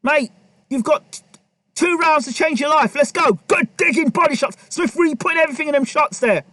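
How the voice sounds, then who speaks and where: A man calls a boxing match live, firing off punches as they land and urging the fighters on. His voice is very high for a man. The sound is close and dry with no room behind it. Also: fairly quick, no room sound. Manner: excitable, repetitive, talks to the fighters. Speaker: boxing commentator. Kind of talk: live play-by-play commentary.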